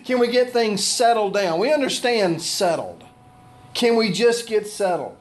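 Animated high-voiced preacher man. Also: measured pace. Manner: preaching with shifting pitch and pace, animated delivery. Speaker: pastor. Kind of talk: sermon.

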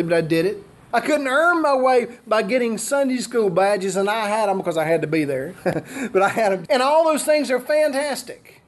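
High-voiced older man preaching. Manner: preaching with repeated rhetorical questions. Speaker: pastor. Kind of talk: sermon.

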